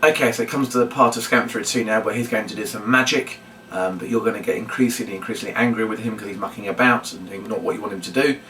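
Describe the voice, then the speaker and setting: A man's voice: lowish voice, fast talker, pushed and bright, a little hiss or hum. A man teaching a puppet routine, chatty and explanatory, often repeating his reminders. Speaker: puppetry instructor. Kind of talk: demonstration tutorial. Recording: roomy, from a distance.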